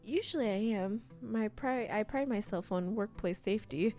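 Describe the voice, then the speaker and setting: A woman's voice: mid-range voice, moderate pace, a little mellow, faint music behind, natural voice. A woman voicing a sheepish young male builder in a cozy role-playing game, explaining his injuries plainly in close to her own voice.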